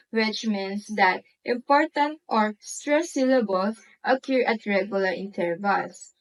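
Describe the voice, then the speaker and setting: A woman with a Filipino accent, a student presenting a classroom lesson and reading examples aloud in a slow, deliberate way. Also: on the high side, low-quality recording.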